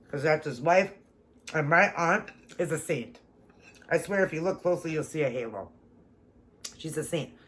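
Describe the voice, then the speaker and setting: A woman vlogger telling a personal story to her viewers in a casual, animated and emphatic way. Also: low voice.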